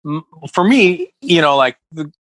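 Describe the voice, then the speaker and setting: A man's voice: a little high, very animated, a little slow, a bit bright, no room sound, low-quality recording. A man who is a comedian, telling rambling stories in a casual podcast chat and acting out quotes. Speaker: comedian guest. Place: West Hollywood.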